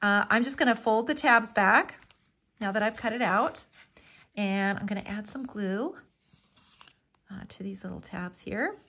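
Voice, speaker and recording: A woman's voice: mid-range voice, unhurried, long pauses, sharp tone, husky. A middle-aged woman hosting a live papercraft tutorial, chatty and homey, with frequent ums and lots of "little" and "so cute". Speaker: craft tutorial host.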